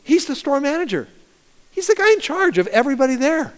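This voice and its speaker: A pastor preaching a sermon, animated storytelling that swings from loud to hushed. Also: male voice, extremely high pitch, a little fast. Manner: animated storytelling, rising loud and dropping soft. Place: church sanctuary. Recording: long reverb of a church hall.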